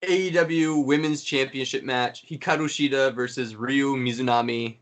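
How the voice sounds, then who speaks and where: A man co-hosting a casual podcast chat, retelling moments with excitement and energy. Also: mid-range voice, moderate pace. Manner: excited storytelling, acts out quotes. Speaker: podcast co-host.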